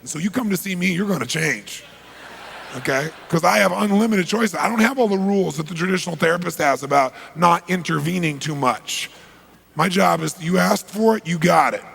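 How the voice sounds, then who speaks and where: A middle-aged man telling a story to an audience in an animated way, dropping to low asides and breaking into loud bursts. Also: brisk, gravelly, slight background noise.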